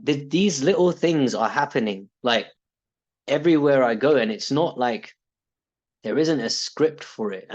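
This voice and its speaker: British guy rambling about coaching, mid pitch, kinda dull muffled audio. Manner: rambling, with restarts and laughs. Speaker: coaching client. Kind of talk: casual reflective talk.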